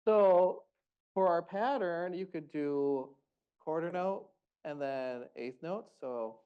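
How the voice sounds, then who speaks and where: A man's voice: on the high side, slow, clean tone, highs cut off. Upbeat man leading a group music class. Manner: encouraging, upbeat instructions. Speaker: music workshop leader.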